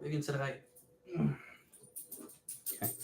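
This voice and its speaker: A man's voice: slow pace, faint music behind. A young adult man hosting a casual livestream from home and his garage, rambling in an easygoing way to viewers and his pets while walking around with a handheld phone or camera. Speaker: car vlogger hosting a livestream.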